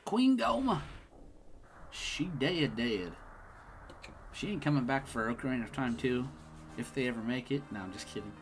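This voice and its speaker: A young gaming streamer gives casual let's-play commentary on his playthrough, joking around and laughing often. His voice is medium-pitched and a little fast, with long pauses and slight background noise.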